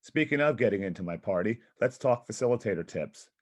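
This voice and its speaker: A man's voice: lowish voice, animated, brisk. A man presenting a physical education workshop, upbeat and encouraging as he explains a team-building game.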